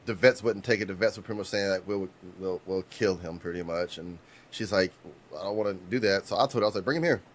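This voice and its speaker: A man in his thirties, co-hosting a podcast, telling rambling stories with restarts and casual swearing. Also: lowish voice. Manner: rambling storyteller, frequent restarts, swears freely. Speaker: podcast co-host.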